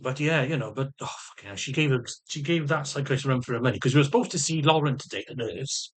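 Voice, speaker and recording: A man's voice: mid-range voice, fast, breathy edge. A man in a casual video diary, rambling emotionally, swearing heavily and stammering through restarts. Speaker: vlogger.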